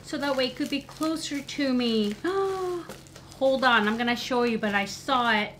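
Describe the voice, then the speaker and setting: A woman vlogger unboxing a gift in a casual chat, gushing and excitable, with gasps and soft exclamations. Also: sits high, unhurried, a little hiss or hum, rough recording.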